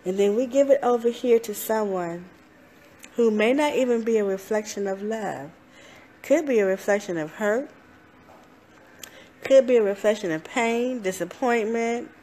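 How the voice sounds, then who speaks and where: A woman's voice: on the high side, warm tone. A woman life coach giving a motivational talk, earnest and repetitive, breaking into laughs now and then. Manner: slow, repetitive, earnest, with laughs and playful self-talk voices.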